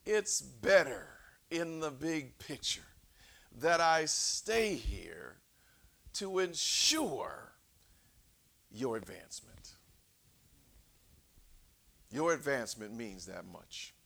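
A male preacher delivering a sermon, swinging from shouts to near whispers and calling out for responses from the congregation. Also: mid-range voice, very animated, very slow, vocal fry, pauses often.

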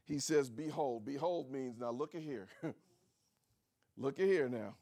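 A male pastor preaching a sermon, shifting from shouted lines to low quiet asides and laughing often. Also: a little slow.

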